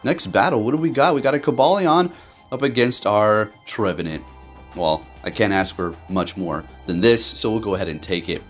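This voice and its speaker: A man with a low, deep voice talks through a match as it happens. His commentary is animated and peppered with swearing and rants, with soft music playing underneath. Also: moderate pace. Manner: animated, profane ranting. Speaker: game commentator. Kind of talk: gameplay commentary.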